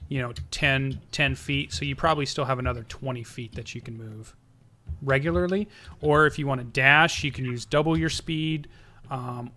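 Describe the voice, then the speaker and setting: Bright-voiced man running a tabletop game. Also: mid-range voice. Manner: easygoing, prompting players with questions. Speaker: game master.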